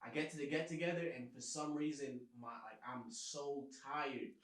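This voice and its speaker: A man's voice: mid-range voice, normal speed. A man on a podcast casually telling a laid-back story and laughing along with it. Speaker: podcast co-host. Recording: roomy echo.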